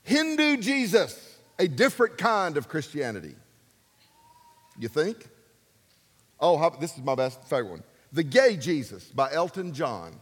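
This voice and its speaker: A man preaching a sermon, emphatic and animated, swinging between loud and soft. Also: on the high side, unhurried, big-room sound. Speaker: pastor.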